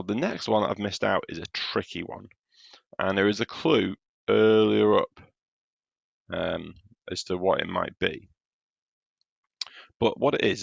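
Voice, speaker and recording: A male primary teacher records a lesson from home, going patiently through the work one step at a time. His voice sits low and has a heavy gravelly grain. The sound is dry and close but slightly dull, as if from a modest home microphone. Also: fairly bright tone, no echo. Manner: patient, explains step by step while marking his own writing.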